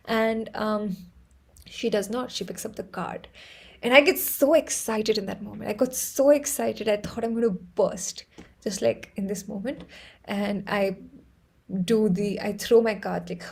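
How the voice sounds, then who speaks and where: A woman with an Indian English accent hosting a live stream, chatting casually and laughing often as she tells excitable stories. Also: fairly high pitch, normal speed, vocal fry, low-quality recording. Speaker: livestream host.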